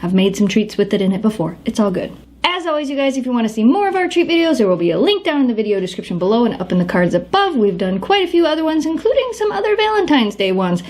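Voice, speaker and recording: A woman's voice: a little high, very animated, quick pace, a little mellow. A woman hosting a casual cooking vlog, upbeat and chatty, stressing words for emphasis. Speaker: host of a dog treat channel.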